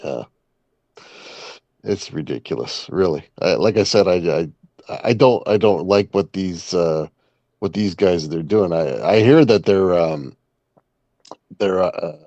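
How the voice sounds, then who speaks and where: Deep-voiced, halting male co-host. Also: dark tone, dry recording. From Canada. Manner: hesitant, halting, with many fillers and chuckles. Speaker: podcast co-host. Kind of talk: casual political chat. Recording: dull lo-fi sound.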